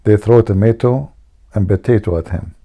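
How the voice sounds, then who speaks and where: Gravelly, husky man teasing on a livestream. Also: fairly low pitch, normal speed, dark tone. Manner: teasing, laughing at his own jokes. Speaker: livestream host. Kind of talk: joking livestream chat.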